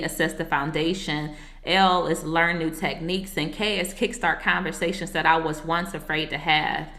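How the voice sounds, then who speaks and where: A woman with a low voice that sounds pushed and bright tells her personal story as a guest in a casual interview. She's a marriage coach and author, and she comes across as earnest and reflective, tossing casual asides to the host. The recording has the sound of an echoey room.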